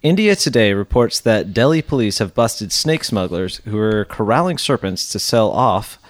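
A man's voice: on the low side, animated, normal speed. A man co-hosting a casual comedy podcast, reading news stories aloud and adding wisecracks.

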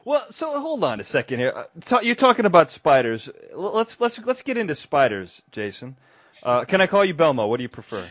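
Playful podcast host, dry sound. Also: male voice, fairly high pitch, brisk, dry recording, dull audio. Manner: playful, jokey, lively with bursts of laughter. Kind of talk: upbeat podcast interview.

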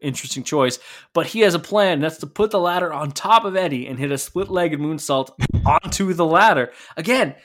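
A man's voice: on the high side, normal speed, few pauses, a bit bright. A man co-hosting a podcast, chatting casually and wryly, swearing freely. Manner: wry, swears freely, playful. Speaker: podcast co-host. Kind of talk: casual recap chat.

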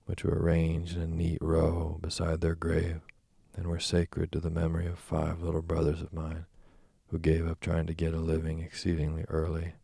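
A man narrates a classic novel slowly and deliberately, like a studio audiobook. His voice is extremely deep and gravelly with a husky, dark color. The recording is dry and close, with no room sound. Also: no echo. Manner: slow, deliberate storytelling.

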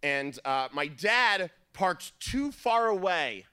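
A man performing a stand-up comedy set, telling family stories in an animated way and acting out their voices. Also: high voice, slow pace, clean tone, no room sound, clean studio sound. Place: theater stage.

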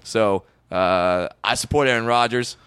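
A man's voice: fairly low pitch, fairly bright tone, clear, resonant tone, no echo. Stammering comedian man on a podcast. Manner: stammering restarts, quick agreeing quips. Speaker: comedian co-host. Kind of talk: casual comedy podcast banter.

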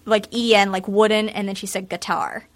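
A woman's voice: mid-range voice, flat delivery, moderate pace, dry recording. A woman guest in a casual comedy chat, talking emphatically and swearing freely. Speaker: podcast guest.

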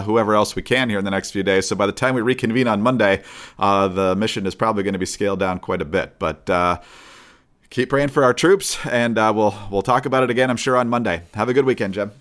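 A man hosting a political podcast, steady and measured with a wry edge, closing out the show. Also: lowish voice. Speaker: podcast host. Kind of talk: political chat and show outro.

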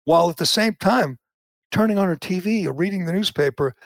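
Gravelly, husky male talk host, indignant, prone to heated outbursts, dry sound. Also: high-pitched, expressive, brisk, no room sound. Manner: indignant, swings to loud outbursts. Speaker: podcast host. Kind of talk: opinionated political talk.

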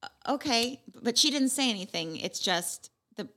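A woman's voice: fairly high pitch, expressive, normal speed, pushed and bright. A woman co-hosting a podcast in casual, teasing chat. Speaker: podcast co-host.

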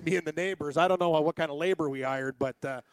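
A man co-hosting a sports radio show, trading jokes and getting loud when he argues. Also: fairly high pitch, quick pace, a little hiss or hum. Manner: boisterous, jokey, gets loud when arguing. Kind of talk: casual sports radio banter.

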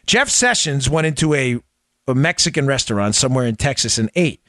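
A man hosting a political podcast, talking in an emphatic, animated commentary style and laughing often. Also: medium pitch, brisk, no room sound, studio quality. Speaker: podcast host.

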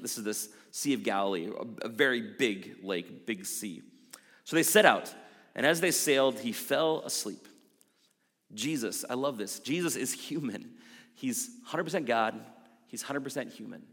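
A man's voice: mid-range voice, moderate pace, a bit bright. Earnest male pastor preaching in reverb. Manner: earnest, conversational preaching with emphatic quotes. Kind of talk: sermon.

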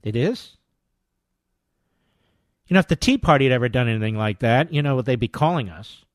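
An older man hosting a talk radio show, delivering a combative, sarcastic monologue that swings between loud jabs and quiet asides. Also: medium pitch, animated, a little fast, no room sound, studio quality.

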